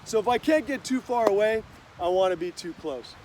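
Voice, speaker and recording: High-voiced man teaching martial arts outdoors. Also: a little fast, slight background noise. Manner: calm, explanatory, upbeat. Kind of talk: instructional talk with demonstration.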